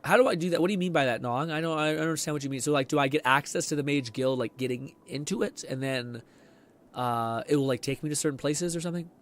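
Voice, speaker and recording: A hoarse man casually commenting on a game as he streams it, rambling, swearing freely and reading chat messages aloud. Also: fairly high pitch, quick pace.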